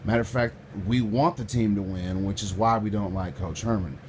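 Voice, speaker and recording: A loud man telling a personal story with lots of swearing, acting out the people in it and swinging from quiet to shouting. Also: fairly low pitch, normal speed, noisy background. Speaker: storyteller recounting a personal run-in.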